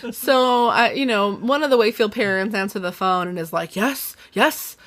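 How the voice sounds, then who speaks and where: A young woman with a brisk, medium-pitched voice hosts a podcast, recapping a book's plot in casual conversation. She's chatty and animated, laughing as she retells it.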